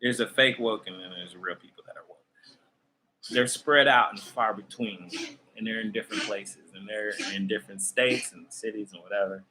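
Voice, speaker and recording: A man's voice: on the low side, fairly even intonation, normal speed, pushed and bright, slight background noise, rough recording. A man hosting a tarot channel who talks to his viewers in a loose, conversational spiritual rant, often laughing. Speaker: tarot reader and channel host.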